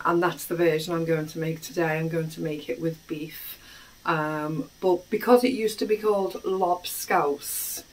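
A woman hosting a home cooking video, explaining a recipe in an unhurried way with plenty of ums, in her kitchen. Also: lowish voice. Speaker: cooking channel host. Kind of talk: casual cooking demonstration. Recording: voice distant from the mic.

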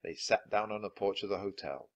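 A man reading a children's chapter book aloud, with clear, expressive narration. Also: lowish voice, a little fast. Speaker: storybook reader.

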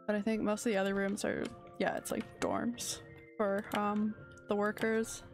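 Faint music plays behind a woman streamer who talks through her game in a drowsy, meandering way, frequently groping for the right word. She has a medium-pitched voice, a flat delivery, and a measured pace.

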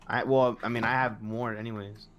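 A young man in casual gaming chat at home, excitable, laughing often and swearing casually. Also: mid-range voice, moderate pace. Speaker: gamer. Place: home room.

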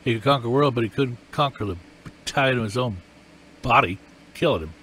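A man delivering a sermon in a mid-pitched voice, hammering his points home through repetition. His voice climbs for emphasis and drops low for weight. A faint hiss of background noise sits under the recording. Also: brisk, a bit bright. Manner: emphatic, repetitive, rising and falling with emotion. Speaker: preacher.

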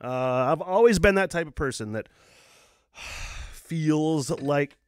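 A man talks alone into a close mic, hosting his podcast in a loose, rambling way. He swears freely and chuckles between thoughts. His fairly high voice swings up and down a lot, and the sound is dry and close. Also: animated, slow pace, smooth, dry recording. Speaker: podcast host. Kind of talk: casual solo podcast chat.

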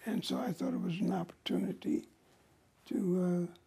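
An older American man, an actor, telling stories from his career in an interview with a slow, halting, husky delivery. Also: high voice, level tone, dark tone. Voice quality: gravelly, husky. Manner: slow, halting, breathy at times. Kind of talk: reflective storytelling.

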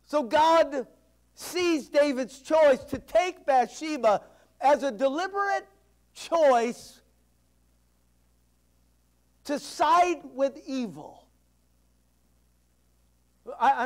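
Preacher guy with a really high voice, goes loud then drops way down quiet, church sermon. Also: slow pace, long pauses. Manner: emphatic preaching, swings between loud declarations and hushed asides. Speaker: pastor.

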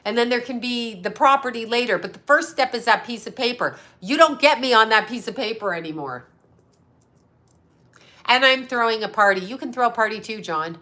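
A woman's voice: fairly high pitch, animated, moderate pace, bright, forceful tone. A middle-aged woman hosting a casual livestream chat as a psychic medium, blunt and sarcastic, swearing freely. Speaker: psychic medium and astrologer host.

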